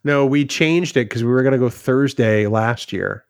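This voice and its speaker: A man's voice: medium pitch, normal speed, dry recording. A man co-hosting a podcast, bantering and teasing his partner with dry jokes. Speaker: podcast co-host. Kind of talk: casual banter.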